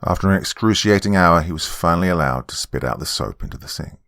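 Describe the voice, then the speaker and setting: Deep-voiced man narrating horror. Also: lively intonation, fast talker, gravelly, a bit bright, dry recording, clean studio sound. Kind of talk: scripted horror story narration.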